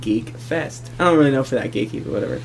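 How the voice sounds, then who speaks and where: A man's voice: mid-range voice, fast talker, gravelly, very noisy. A man co-hosting a podcast, chatting casually and reading listener reviews aloud with asides. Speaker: podcast co-host.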